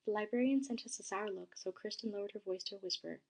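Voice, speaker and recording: A woman reads a first-person story aloud in a soft, dramatic way, dropping to a hush in some passages. Her breathy, airy voice sits at a middle pitch and moves quickly, and the recording is rough.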